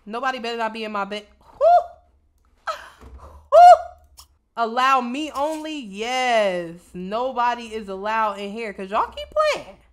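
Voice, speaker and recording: A young woman commentating her own gameplay casually, brash and profane, shouting at the game. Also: fairly high pitch, moderate pace, a little hiss or hum. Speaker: gaming video host. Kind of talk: casual let's-play commentary.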